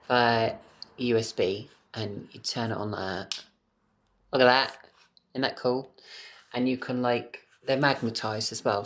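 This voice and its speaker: A camp British man chats into his phone camera from home in a loose, unscripted vlog. He is animated and talkative, and drops swear words freely. His pitch sits in the middle of the male range. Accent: British English. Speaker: vlogger. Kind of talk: casual vlog chat to camera.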